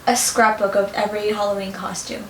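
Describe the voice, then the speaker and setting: A young woman chatting casually as a vlog guest, lively and giggly, with quick reactions. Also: mid-range voice, slight background noise. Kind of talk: casual chat. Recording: echoey room, mic at a distance.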